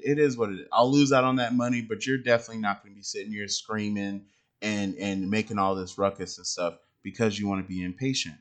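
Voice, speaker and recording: A man's voice: fairly low pitch, fairly bright tone. A young adult man telling a personal parenting story in a casual monologue, rambling and slangy, with lots of fillers and restarts. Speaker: father podcaster.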